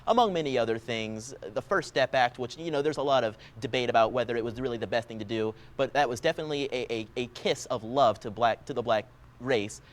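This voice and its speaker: A man with a middle pitch who talks quickly, rattling off points one after another in a panel debate.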